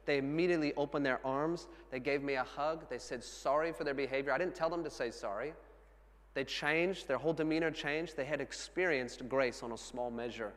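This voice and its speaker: A man in his thirties preaching a sermon, telling a family story with earnest warmth and laughing at himself now and then. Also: medium pitch, moderate pace. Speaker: pastor. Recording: long hall reverb.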